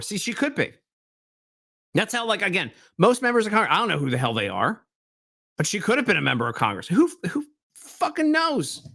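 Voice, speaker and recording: A middle-aged man hosting a reaction commentary show, sarcastic and mocking, dropping to mutters and then bursting out loud. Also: high-pitched. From Southwest Baltimore, US.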